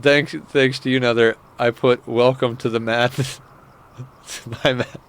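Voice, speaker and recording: A man's voice: medium pitch, level tone, unhurried, clean tone. A man streaming a game live who rambles in casual, profane commentary, chuckling often as he talks into a desk microphone.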